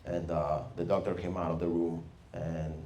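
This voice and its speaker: A young Venezuelan man with a Spanish accent performing stand-up with deadpan, self-mocking delivery. His voice sits fairly low, and the club sound is roomy with a faint hiss underneath. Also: normal speed. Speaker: stand-up comedian. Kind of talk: stand-up set. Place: comedy club stage with audience.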